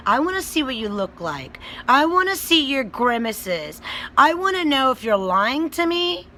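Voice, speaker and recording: A woman records an angry commentary for her video channel, speaking slowly and pointedly. Her voice sits a little high and sounds bright and sharp. She is blunt, swears freely and talks down to the people she criticizes. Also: a little hiss or hum, rough recording. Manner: blunt, profane, confrontational. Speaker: self-described child advocate vlogger.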